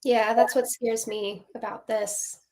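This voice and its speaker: A woman's voice: on the high side, little pitch movement, takes it slowly, darkish tone. A woman co-hosting a podcast, giving candid, somewhat hesitant opinions in casual chat. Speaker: podcast co-host.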